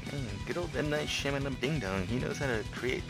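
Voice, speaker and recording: A man's voice: medium pitch, brisk, creaky, over music. A man co-hosting a casual podcast chat, telling stories in a chatty, jokey way and laughing often. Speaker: podcast co-host.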